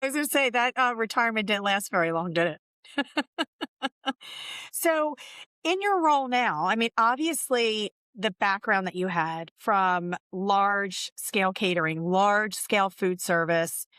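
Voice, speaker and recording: A woman's voice: mid-range voice, animated, a little slow, fairly bright tone, clear, resonant tone, no echo. A woman hosting a podcast, chatting casually and asking her guest questions. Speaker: podcast host. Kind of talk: casual interview.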